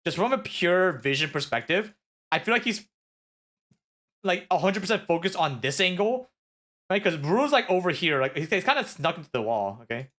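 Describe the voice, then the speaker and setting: Excitable male streamer, high voice, rambling casual match breakdown. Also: normal speed. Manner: excitable, rambling with many filler words. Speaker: streamer reviewing esports matches. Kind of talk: casual game analysis.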